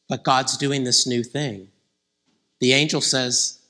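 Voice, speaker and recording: A man preaching a conversational sermon, growing animated when he quotes scripture figures. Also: on the high side, slow pace.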